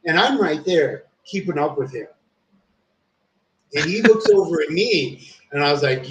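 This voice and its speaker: A man with a slightly high voice tells a loose, profanity-laced work story on a stream. He rambles with plenty of fillers and restarts. The room is echoey, with faint ambient noise behind him. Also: lively intonation, normal speed. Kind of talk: casual chat.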